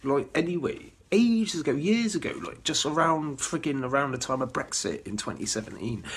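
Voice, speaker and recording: A man's voice: medium pitch, creaky, slightly rough. A man, giving a rambling, ranting webcast monologue full of filler runs and chuckles. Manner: chuckles between phrases. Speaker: webcast host.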